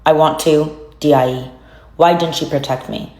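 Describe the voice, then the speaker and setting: A woman narrating as she reads journal passages aloud in a solemn, even way. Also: low-pitched, moderate pace, echoey room. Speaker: narrator reading documents.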